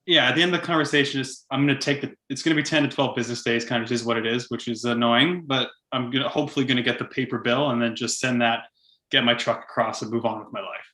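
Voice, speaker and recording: Bright-voiced young Canadian guy. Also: medium pitch, fast, roomy sound, poor audio. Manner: animated storytelling, frequent "like" and laughter. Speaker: podcast co-host. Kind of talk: casual chat.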